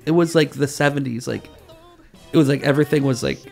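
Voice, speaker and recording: A fast-talking man tells rambling, profane stories in casual podcast chat. His voice sits a little high and has a gravelly edge, and faint music plays behind him. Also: a little mellow. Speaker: podcast host.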